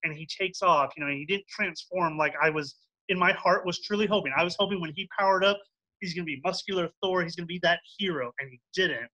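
A man's voice: high voice, fast talker, bright, forceful tone, low-quality recording. Ranting young man in a heated debate. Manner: ranting, swears, mocks with acted quotes. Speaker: debater defending a film.

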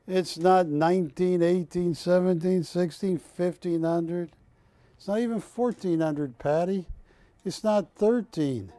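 A man's voice: high voice, measured pace, mellow, dry recording. A man hosting a live shopping channel, joking with the crew and counting prices down. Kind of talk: live TV sales pitch and banter.

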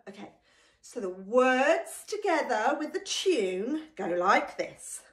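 A woman teacher with an English accent leads a lively sing-along warm-up for children, chanting and singing with breathy energy. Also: on the high side, slow pace. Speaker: teacher leading a class energiser. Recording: echoey room.

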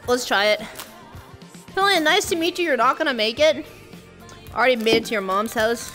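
A young woman hosting a casual live stream, excitable and joking as she talks to her chat. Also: a little high, moderate pace, faint music behind. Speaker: streamer host.

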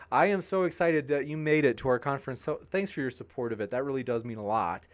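A man's voice: mid-range voice, fast. A man hosting a live debate stream, reading viewer comments aloud and answering them with upbeat, jokey banter. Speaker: debate channel host.

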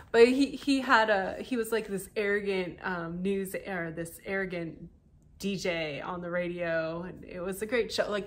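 A woman hosting a podcast tells a true-crime story in a loose, chatty way. She keeps breaking off into asides and laughs. Her voice sits at a middle pitch. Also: slight background noise. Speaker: podcast host.

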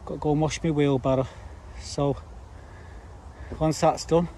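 A man's voice: a little high, fairly even intonation, a little slow, warm tone. Chatty man at his allotment. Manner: chatty, rambling, dry grumbling asides. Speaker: allotment vlogger. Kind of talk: casual chat to camera. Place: outdoor allotment garden. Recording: faint background noise outdoors. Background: faint outdoor ambience.

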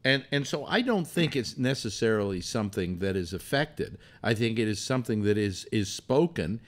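A man hosting a casual call-in show, rambling and halting with many restarts. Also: lowish voice, sing-song. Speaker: host.

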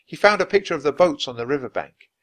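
A man narrating a children's chapter book in a clear, measured read-aloud style. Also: on the high side, animated, a bit bright. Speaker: storybook reader.

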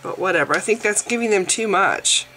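A woman's voice: mid-range voice, pushed and bright, slight background noise. Sick woman ranting in exasperation. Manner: exasperated, mocking, quick to laugh. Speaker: atheist vlogger. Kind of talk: casual vlog rant.

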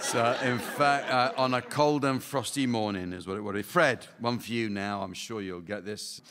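A man chairing a radio comedy panel show with a dry, deadpan delivery in front of a live audience. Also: medium pitch, moderate pace, heavy background noise. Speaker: quiz chair. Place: recording studio with live audience. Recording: radio studio, audience laughter. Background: audience laughter.

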